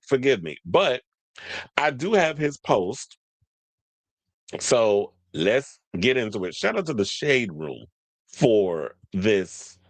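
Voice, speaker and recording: Sassy animated male gossip host. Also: medium pitch, no echo. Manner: sassy, animated, quick asides and restarts. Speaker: commentary channel host. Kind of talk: casual gossip commentary.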